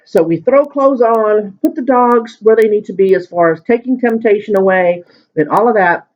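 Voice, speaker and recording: Seated at the dinner table at home, a man eats on camera for his mukbang vlog while telling a long, rambling story in a relaxed way. His voice is high and moderately paced, and the audio is muffled and lo-fi.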